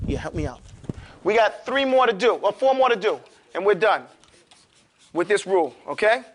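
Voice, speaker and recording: A man teaching Quran recitation to a class, drilling students casually and modeling each word slowly, with some jokes. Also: sits high, lively intonation. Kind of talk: classroom tajweed lesson.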